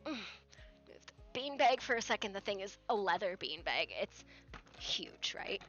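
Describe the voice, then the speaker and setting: A woman's voice: medium pitch, lively intonation, normal speed, a bit bright. A woman live streamer in casual chat from a room at home, chatty and profane, slipping into coaxing baby talk with her dog. The audio is dull and lo-fi with faint music.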